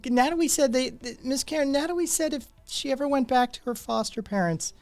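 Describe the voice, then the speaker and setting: A man voicing an anxious young male street kid who stammers and pleads in a high voice. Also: expressive, brisk. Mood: urgent.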